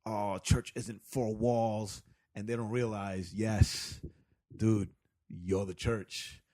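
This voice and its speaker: Low-voiced earnest man, dry sound. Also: steady tone, takes it slowly, mellow, no echo. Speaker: podcast co-host. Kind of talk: casual chat about church.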